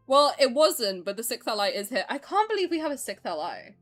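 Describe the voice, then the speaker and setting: A woman's voice: on the high side, sing-song, fairly quick, a bit bright, faint music behind. A young woman streamer chatting casually while playing, sarcastic and swearing freely. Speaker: game streamer. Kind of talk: casual gameplay commentary.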